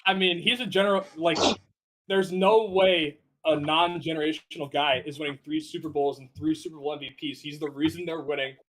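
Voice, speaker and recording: A man's voice: fairly high pitch, steady tone, a little fast, a bit bright, poor audio. A man arguing insistently in a casual live podcast debate, repeating his key points. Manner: insistent, repetitive.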